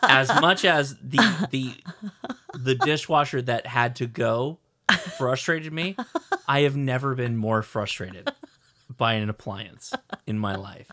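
A middle-aged man co-hosting a podcast, telling a rambling, animated story with lots of restarts. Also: medium pitch, takes it slowly. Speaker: podcast co-host. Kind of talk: casual chat.

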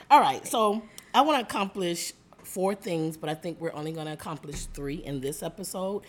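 A woman hosting a podcast as a life coach, upbeat and chatty, her voice a little rough and hoarse from allergies. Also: lowish voice, moderate pace. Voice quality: slightly rough voice. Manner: upbeat, chatty, calls listeners "y'all" and "guys". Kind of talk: casual podcast chat. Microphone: studio mic.

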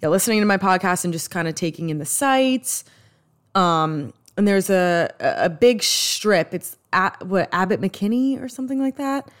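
Chatty New York woman with lively pitch. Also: moderate pace. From US East Coast. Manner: chatty, rambling, animated with many restarts. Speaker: podcast host. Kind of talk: casual solo podcast chat.

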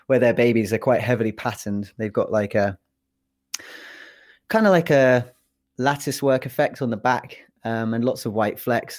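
A young English man, a PhD researcher, talking casually in an interview, with plenty of fillers and restarts. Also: medium pitch. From England. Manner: relaxed, chatty, many fillers and restarts.

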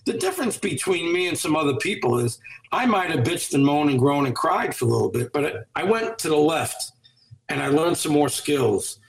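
A man's voice: on the high side, sing-song, normal speed, roomy sound, rough recording. A man speaking as a guest in an interview, giving earnest, motivational advice with a coaching tone.

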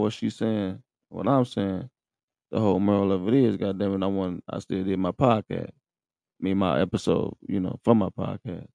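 A podcast host tells a personal story straight to his listeners in a loose, casual, profane way. His lowish voice has vocal fry and a slightly mellow tone, with no echo.

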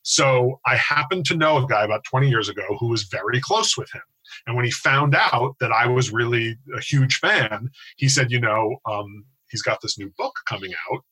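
A man's voice: medium pitch, animated, normal speed, sharp tone, low-quality recording. A man in his forties from the United States, telling a long self-deprecating story in casual podcast chat. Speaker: podcast co-host.

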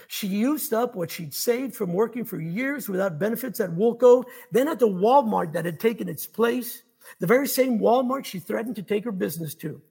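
A man reading his own fiction aloud at a steady, measured pace. His voice sits high for a man and carries a gravelly, husky grain. The delivery is that of an author at a reading. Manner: measured storytelling.

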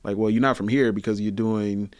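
Chill guy telling stories, kinda low voice, dry close sound. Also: a little fast, no room sound. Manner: relaxed slangy storyteller, acts out quotes. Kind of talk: casual chat.

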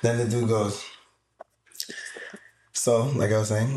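A man's voice: fairly low pitch, little pitch movement, takes it slowly, a little mellow. A man co-hosting a podcast who teases the others and retells stories, acting out the quotes. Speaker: podcast co-host. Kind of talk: casual podcast chat. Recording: echoey room, faint noise.

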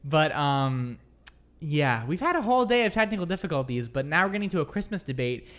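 A woman's voice: sits low, fairly quick. A woman hosting a podcast in a studio, chatting in a bubbly, casual way with her co-hosts. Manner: lively, bubbly. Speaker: podcast host. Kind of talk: casual group chat. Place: New York studio.

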